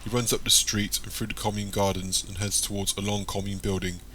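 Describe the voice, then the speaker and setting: A man reading an audiobook chapter in plain, even scripted narration. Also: fairly low pitch, fairly quick, slight background noise.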